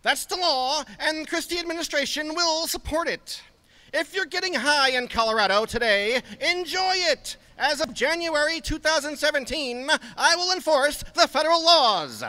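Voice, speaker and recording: A shrill, pompous old-time lawman lecturing in a stern, high voice, as a man mocks him. The voice is bright and lively, bouncing up and down. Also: normal speed, full character voice, low-quality recording. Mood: mocking. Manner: high mocking put-on voice. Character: pompous old-time male drug-war official, stern.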